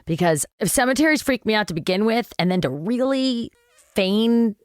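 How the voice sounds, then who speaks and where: Lively woman guest, spins a funny story and curses a lot, dry close sound. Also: on the high side, normal speed, dry recording. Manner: animated, swearing, self-mocking. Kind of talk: casual storytelling.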